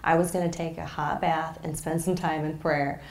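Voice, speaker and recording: An earnest woman speaks as a podcast guest, reflective and openly moved. Her voice sits low with a gravelly fry. The room gives it an audible echo. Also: level tone, moderate pace. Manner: earnest, reflective, gets emotional. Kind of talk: casual faith conversation.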